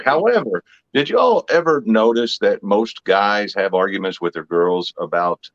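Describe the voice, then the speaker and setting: A man's voice: fairly low pitch, sing-song, moderate pace, hardly any pauses, no echo, muffled recording. A man, a comedy hypnotist, telling jokes and stories in casual chat as a guest. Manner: wisecracking storyteller.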